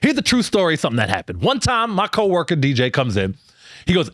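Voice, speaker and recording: A male stand-up comedian telling a story in an animated, incredulous way, often tripping over quick restarts. His voice sits fairly high and swings widely in pitch. The sound is dry and close. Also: no echo.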